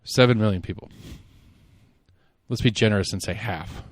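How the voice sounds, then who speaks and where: A man hosting a solo podcast, giving rambling, opinionated political commentary and thinking out loud. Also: fairly low pitch, moderate pace, dry recording. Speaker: podcast host.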